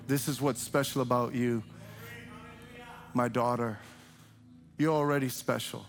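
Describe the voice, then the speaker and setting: An older man preaching a sermon in a loose, conversational way, who breaks into shrill mimicry when imitating cheering parents. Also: steady tone, a little slow, soft background music. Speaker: pastor. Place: church sanctuary.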